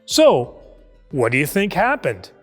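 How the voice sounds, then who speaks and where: A priest telling a Bible story to children in a lively, conversational way, acting out the voices. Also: male voice, a little high, a little slow, breathy edge, big-room sound, soft background music. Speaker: priest teaching Sunday school. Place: church.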